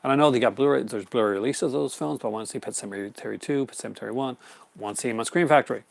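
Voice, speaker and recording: Talking very fast in a creaky, medium-pitched voice, a man hosts a laid-back live stream. He gushes about his horror movie collection, responds to chat from viewers, and keeps using fillers and starting over.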